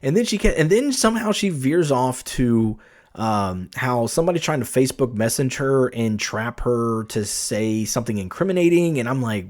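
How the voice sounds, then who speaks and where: A man's voice: mid-range voice, moderate pace. A man hosting his own podcast, telling a story casually, rambling with lots of restarts and filler words. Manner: rambling, full of "like" and "you know", many restarts, animated. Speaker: podcast host.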